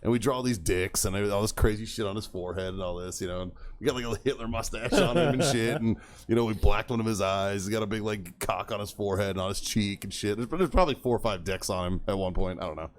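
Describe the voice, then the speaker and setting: Profane laughing storyteller man, low voice. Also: quick pace, few pauses, slight background noise. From Texas. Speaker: podcast co-host. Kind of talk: casual storytelling chat.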